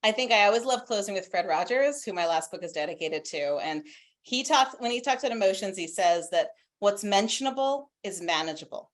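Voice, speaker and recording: A woman's voice: mid-range voice, a little fast. A woman guest expert on a video call from home, talking animatedly about parenting and sharing stories from her own family. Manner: warm, animated, with anecdotes. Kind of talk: conversational expert answers.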